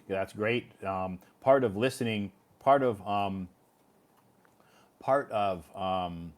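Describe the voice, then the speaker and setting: Speaking slowly in a lowish voice, a man from the United States runs a casual live stream from his Beijing home, rambling along with plenty of fillers.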